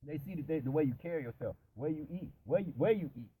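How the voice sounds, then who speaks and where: A man's voice: fairly high pitch, animated, fast, mellow, a little hiss or hum, poor audio. A man telling stories and preaching in casual, profanity-heavy chat, rambling with many restarts. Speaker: religious discussion participant.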